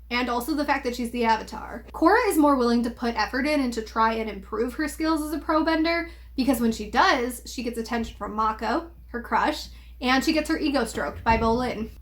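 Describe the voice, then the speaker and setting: High-voiced woman giving critical commentary. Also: a bit bright. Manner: critical, emphatic, with frequent ums. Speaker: video essayist. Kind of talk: opinionated commentary.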